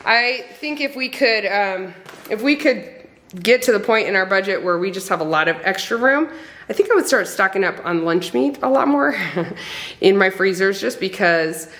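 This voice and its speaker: A woman's voice: mid-range voice, lively intonation, moderate pace, a bit bright. Chatty upbeat woman vlogger. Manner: chatty, upbeat, frequent ums and restarts. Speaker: homesteading family vlogger. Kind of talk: casual chat to camera.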